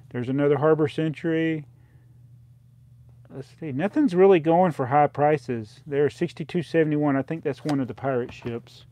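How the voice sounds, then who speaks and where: On a close desk mic, a man with a fairly high, darkish voice hosts a casual live stream. He rambles through his old sales, reads out prices, and laughs at himself a lot. There's no echo.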